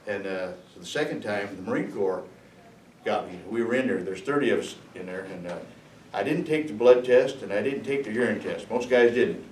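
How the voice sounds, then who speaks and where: Older male veteran in his sixties, lowish voice, rambling chuckling storyteller, roomy echo, mic far off. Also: darkish tone. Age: 60s. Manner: rambling, chuckling, halting with fillers. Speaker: veteran speaker. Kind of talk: storytelling to students. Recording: echoey room, distant mic, faint noise.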